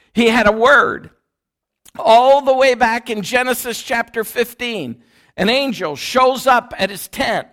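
A man's voice: high voice, sharp tone. A man preaching a sermon in a church, emphatic and repetitive, calling the congregation to repeat after him. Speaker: pastor.

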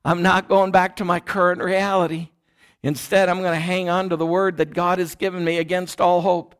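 A man's voice: high-pitched, flat delivery, normal speed, smooth, voice pushed down, close to an everyday voice. A man voicing the elderly biblical patriarch Abraham, telling it plainly in an emphatic, conversational way. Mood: determined. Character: biblical patriarch Abraham, old man, doubting then resolute.

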